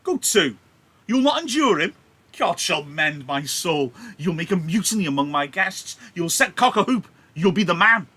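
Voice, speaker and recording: Man putting on a loud, bossy older host, high strained shouting, bright and sharp. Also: fairly even intonation, measured pace, few pauses. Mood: angry scolding. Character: angry older male party host scolding a hothead.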